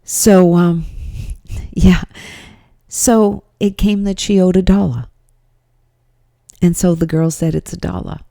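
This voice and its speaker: A woman hosting a podcast, recounting a story with emphatic exasperation. Her voice sits low and mellow in a dry, close recording. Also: fairly even intonation, slow, long pauses, no echo. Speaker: podcast host. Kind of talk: storytelling monologue.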